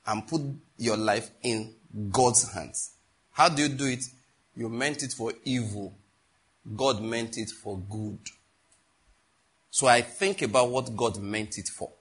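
A man's voice: medium pitch, husky. A middle-aged man with a Nigerian accent preaching a sermon, exhorting his listeners and telling stories from his own life. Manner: animated and exhorting, with storytelling asides.

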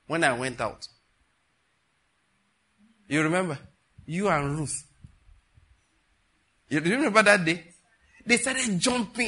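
Male pastor telling stories in a sermon, kinda husky, bright punchy voice. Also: fairly high pitch. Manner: animated storytelling, acts out quoted voices.

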